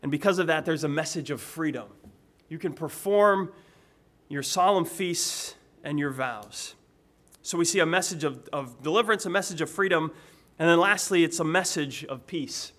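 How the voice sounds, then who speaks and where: Male pastor delivering a sermon, talky and informal, voice sits a little high. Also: normal speed, a bit bright. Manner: conversational, repeats words when restarting phrases. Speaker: preacher.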